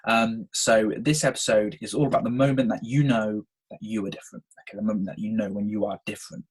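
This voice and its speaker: A man's voice: fairly low pitch, steady tone, fast, breathy edge, poor audio. A man, casually telling a personal story on his podcast and often checking in with "okay?". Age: 20s. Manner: chatty, frequent "um" and "okay?" check-ins. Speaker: podcast host.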